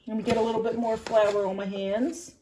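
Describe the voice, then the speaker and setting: A woman's voice: on the high side, flat delivery, a little fast, warm tone, slight background noise. A middle-aged woman chatting casually through a home baking demonstration, rambling with fillers and restarts, her voice a little shaky from kneading.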